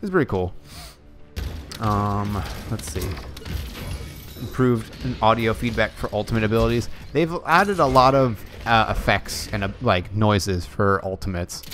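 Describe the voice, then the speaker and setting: A man's voice: on the low side, a little slow, fairly bright tone, slight background noise. Rambling young man doing game commentary. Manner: rambling, self-correcting, chatty. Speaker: gaming YouTuber. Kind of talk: casual gameplay commentary.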